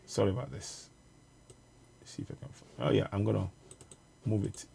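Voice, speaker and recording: A man's voice: fairly low pitch, steady tone, gravelly, mellow, a little hiss or hum. A man hosting a livestream of political commentary. He speaks straight to his viewers, urgent and repetitive, and he keeps stopping to fumble with clips he wants to show. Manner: pauses to fumble with on-screen media. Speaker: online show host.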